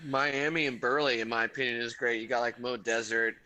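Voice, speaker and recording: A man from the United States telling stories in a relaxed, rambling way during a casual livestream chat. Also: mid-range voice, a little fast. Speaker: guest. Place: home, living in Australia.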